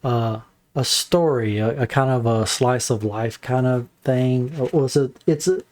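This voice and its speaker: A man's voice: medium pitch, darkish tone. Rambling man chatting about a book. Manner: rambling, halting, many fillers and restarts. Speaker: book reviewer. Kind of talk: casual book review.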